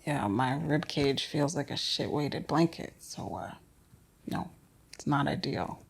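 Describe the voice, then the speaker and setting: A woman playing an older, sick father who is gruff, crude and wry, telling blunt, profane stories in a stage play. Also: low-pitched, lively intonation, a little slow, heavily acted. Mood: grumbling. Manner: blunt, sardonic, profane storytelling.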